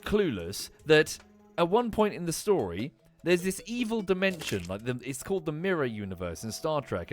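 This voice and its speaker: A man in his thirties, a streamer, rambling in casual chat, animated and swearing freely, with frequent restarts. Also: mid-range voice.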